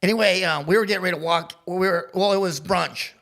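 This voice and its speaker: Casual chat, man, podcast co-host, tense bright tone, rambling anecdotes. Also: high-pitched, fast, gravelly. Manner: rambling, laughing storyteller.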